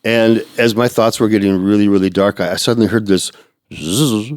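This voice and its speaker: A man telling his recovery story in a casual podcast chat, acting out sounds and quotes and jumping into a high, excited voice. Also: fast talker, smooth, no echo, clean studio sound. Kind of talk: animated personal storytelling.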